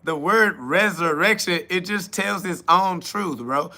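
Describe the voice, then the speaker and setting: A man's voice: sits high, measured pace, vocal fry, hardly any pauses, bright, forceful tone. A man hosting a live solo podcast, reading chat questions aloud and answering them bluntly, mocking the askers and laughing often. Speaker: podcast host.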